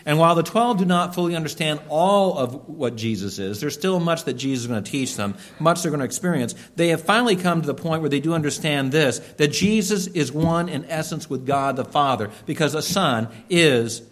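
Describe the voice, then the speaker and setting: A man's voice: a little high, expressive. Man preaching an earnest sermon. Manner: earnest, emphatic preaching with slowed stresses. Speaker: pastor.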